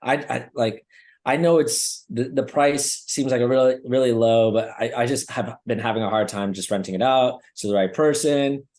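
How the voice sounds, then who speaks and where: His mid-range voice has a darkish tone and a moderate pace. He is a young podcast co-host casually recounting a story in chat, wandering off with frequent fillers and swearing.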